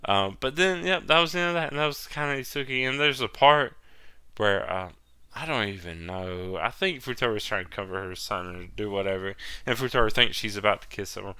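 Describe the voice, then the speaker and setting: Rambling, bright-voiced man recapping. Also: on the low side, expressive, a little fast, clean tone, no echo. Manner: rambling, loose and profane, drops into mock quotes. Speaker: podcast host. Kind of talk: casual solo recap.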